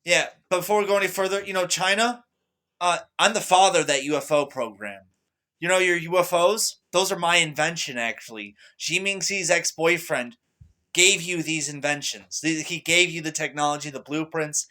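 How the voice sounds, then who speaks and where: Young guy ranting to his camera, bright forceful voice a bit high, hypes himself up then drops low. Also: normal speed. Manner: excitable, boastful, swings loud and soft. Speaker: vlogger. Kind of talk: rambling monologue to camera.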